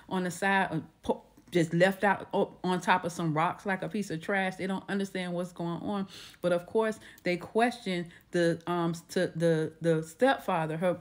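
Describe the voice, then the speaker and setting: A woman with a slightly low voice tells a true crime story in a relaxed, conversational way. She restarts her sentences often as she goes. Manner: conversational, with frequent restarts and acted quotes.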